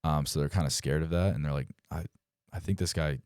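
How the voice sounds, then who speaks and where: Brief: man in his twenties, from Delaware, interview guest, rich smooth low voice, laid-back storyteller. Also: a little fast, no room sound, studio quality. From Delaware, United States. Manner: relaxed, heavy use of "like" and "um", acts out quotes. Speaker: guest, professional baseball player.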